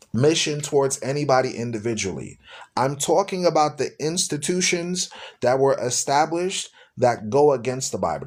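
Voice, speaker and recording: A man hosting a live-streamed religious talk show, speaking to his listeners in a preachy, repetitive way. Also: medium pitch. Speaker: radio show host.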